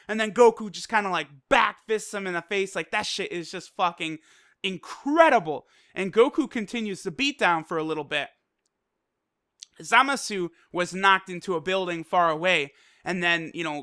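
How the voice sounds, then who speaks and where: A video reviewer excitedly recapping an anime episode, swearing freely and filling with "like" and "you know". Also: mid-range voice, clear, resonant tone, no room sound, studio quality. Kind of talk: casual recap and commentary.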